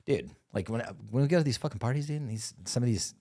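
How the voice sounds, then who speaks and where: A man's voice: mid-range voice, fast talker. A man co-hosting a podcast, telling stories in casual chat, swearing a lot, laughing, and doing impressions. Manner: profane, laughing storyteller with lively impressions. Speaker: podcast co-host.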